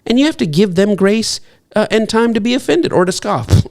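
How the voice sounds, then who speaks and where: A man preaching a sermon as pastor, talking in a conversational, humorous way and jumping up in pitch to act out what people might say. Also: moderate pace. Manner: animated, jumps into high-pitched acted quotes; conversational, self-deprecating humor.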